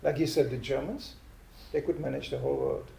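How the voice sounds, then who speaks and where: An older man from Czechoslovakia, a spiritual teacher, delivers a humorous sermon in an echoey hall. His mid-range voice is brisk and gravelly, and he tells stories with animation, acting out comic voices, over slight background noise.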